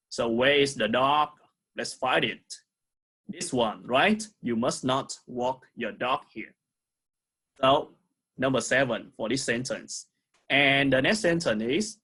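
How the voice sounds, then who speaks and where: Guy w/ vietnamese accent teaching kids english, slow and patient, says everything twice. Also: medium pitch, bright, forceful tone, husky. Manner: slow, repeats words for pupils to echo. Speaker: primary school English teacher. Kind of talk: recorded online lesson.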